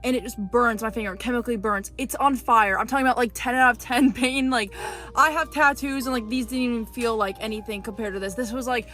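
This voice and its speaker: A woman telling a storytime clip to her viewers, indignant and animated. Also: a little high, brisk.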